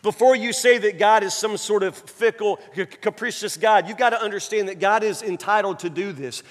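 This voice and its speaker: A man preaching a sermon, dramatic, acting out people's excuses in mocking voices and dropping from loud to hushed. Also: high voice, normal speed. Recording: long hall reverb.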